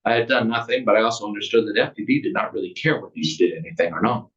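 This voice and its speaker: A man's voice: fairly low pitch, rapid-fire, fairly bright tone. A man, an author, reading aloud from his memoir in an earnest, plain way, with casual asides. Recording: distant, muffled recording.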